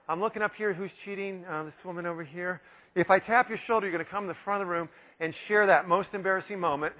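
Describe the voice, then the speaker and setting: A man giving a live motivational keynote, playful and animated, acting out quoted voices as he works the room. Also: high voice. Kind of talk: live keynote speech with audience interaction. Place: large hotel conference room. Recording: long hall reverb in a big room.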